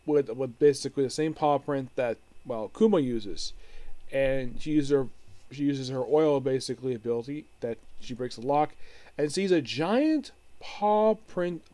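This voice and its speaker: A man's voice: fairly high pitch, dark tone, no room sound. A man casually recapping an anime episode as a reviewer, rambling with frequent restarts and fillers.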